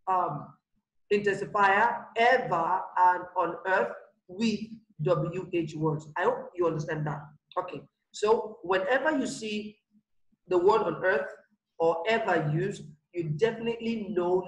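A primary school teacher teaches English grammar online, explaining slowly and repeating each example while checking that pupils follow. Her medium-pitched voice sounds roomy, and the recording is rough.

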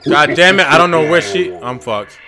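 A man's voice: fairly high pitch, lively intonation, moderate pace, pushed and bright. A man playing a horror game while commenting on it, muttering, swearing and breaking into frantic outbursts. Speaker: gaming YouTuber.

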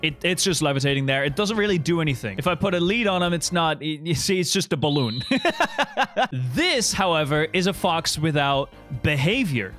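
A man hosting a gameplay video, excited and laughing often as he commands in-game foxes. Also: a little high, normal speed, soft background music. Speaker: gaming video host.

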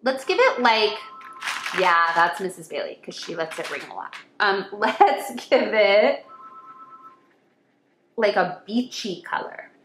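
Animated woman teaching little children. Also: medium pitch, slow pace, long pauses, roomy sound, a little hiss or hum. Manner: animated, exclaiming, sing-song, speaks to children as friends. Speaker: kindergarten teacher. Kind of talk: online lesson for young children.

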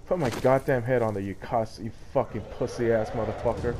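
A man's voice: mid-range voice, steady tone, brisk, background noise. A man doing a rowdy, profane, over-the-top let's play commentary. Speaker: gamer.

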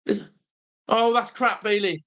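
A young man hosting a live football watch-along, nervous and excitable, groaning low one moment and shouting with joy the next. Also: unhurried. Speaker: fan watch-along host.

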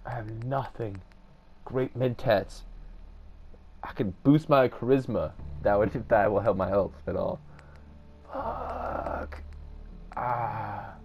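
A man gives let's play commentary in a low, unhurried voice, swearing freely and getting excitable. Gunfire and game noise run clearly behind him. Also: muffled recording. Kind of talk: gameplay commentary.

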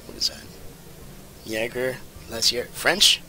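A man in his thirties giving casual, rambling and jokey commentary while playing a game, with sudden excited outbursts. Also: medium pitch, slow, a little hiss or hum. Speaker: let's play commentator.

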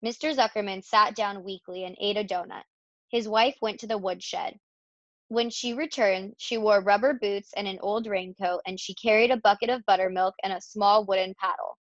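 A woman reading a children's storybook aloud in a steady, expressive way. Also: medium pitch, moderate pace, dry recording. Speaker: reader. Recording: dull, dry lo-fi recording.

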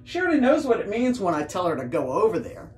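A woman dog trainer explaining a training drill in a calm, steady way, with coaxing sing-song talk to the dogs in between. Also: mid-range voice, fast. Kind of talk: hands-on training demonstration. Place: indoors with dogs. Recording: roomy sound from a distance, faint music.

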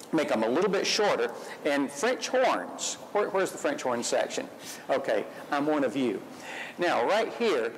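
A man's voice: on the high side, a little hiss or hum, low-quality recording. A man leading a school band rehearsal, giving upbeat, encouraging instructions and singing the rhythms on syllables. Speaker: band clinician conducting a rehearsal.

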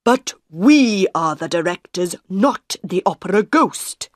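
Woman reader doing a hot-tempered male theatre director, blustering and loud, dry studio sound. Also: mid-range voice, lively intonation, takes it slowly, dry recording. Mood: indignant. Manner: blustering, raised voice. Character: angry middle-aged male theatre director.

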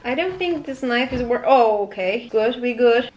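Here a twenty-something woman rambles through a casual home vlog, dropping in nervous jokes at her own expense. She speaks at a moderate pace in a slightly high, expressive voice with a darkish tone. The lo-fi audio carries room echo and a little noise.

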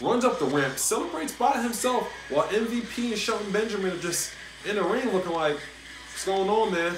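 A man's voice: sits high, fairly bright tone. A man hosting a casual wrestling review, talking animatedly and repeating himself when he gets worked up. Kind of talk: casual solo review commentary. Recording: echoey room with faint noise.

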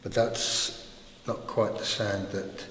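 A man with a lowish voice helps teach pronunciation, reeling off example words at an unhurried pace. The room rings with long reverb. A faint hiss sits underneath. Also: little pitch movement, sharp tone. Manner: measured, listing example words. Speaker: English-speaking co-presenter. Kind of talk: pronunciation lesson. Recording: echoey hall, faint background noise.

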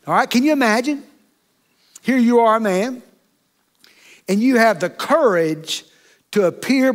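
Man, high voice, folksy sermon, middle-aged pastor, chatty asides to the congregation. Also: fairly bright tone. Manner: folksy, with frequent "okay?" and "amen?" asides to the congregation. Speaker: associate pastor.

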